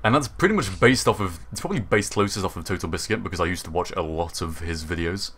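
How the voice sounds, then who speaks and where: A man's voice: low voice, animated, quick pace, fairly bright tone. A man from Derbyshire chatting casually on a gaming livestream, laughing easily and often restarting his sentences. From Derbyshire, England. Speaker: co-host, game streamer.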